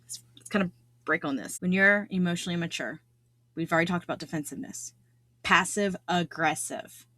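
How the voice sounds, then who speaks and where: A woman's voice: fairly low pitch, fairly quick, bright, forceful tone, dry recording. Earnest woman podcast host, dry sound. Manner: earnest, repeats key phrases for emphasis. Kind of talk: solo podcast talk on self-improvement.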